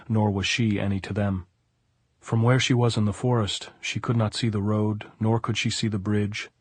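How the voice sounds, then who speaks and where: Low husky male audiobook narrator. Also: dry recording. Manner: even, measured storytelling. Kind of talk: scripted narration.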